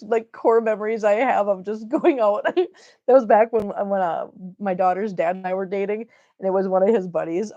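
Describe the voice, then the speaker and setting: A woman's voice: on the high side, gravelly, mellow, dull audio. A middle-aged woman with an Upper Midwest American accent, chatting casually on a live stream, laughing often and reading viewer comments aloud.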